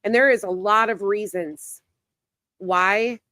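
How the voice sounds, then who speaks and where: A woman's voice: mid-range voice, fairly even intonation, takes it slowly, pushed and bright, no room sound. A woman hosting a casual livestream who talks bluntly, swears and greets her chat by name, and she is losing her voice. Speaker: livestream host.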